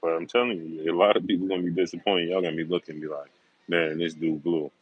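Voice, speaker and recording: On narrow, tinny, dry audio, a middle-aged man talks quickly in a low, husky voice with a level tone. Hosting a sports livestream, he greets viewers by name and stresses his confident predictions through repetition.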